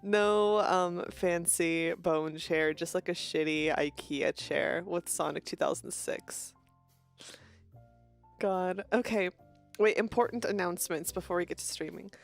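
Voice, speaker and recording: A young woman streamer with a stuffy nose, chatting casually and greeting viewers in a quick, bubbly way. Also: on the low side, creaky, faint music behind. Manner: fast-talking, bubbly, frequent laughs.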